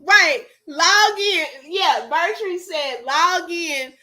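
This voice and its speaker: High, lively woman laughing through a story. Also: extremely slow. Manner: laughs often, animated storytelling, talks to chat. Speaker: livestream host. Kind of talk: casual live chat.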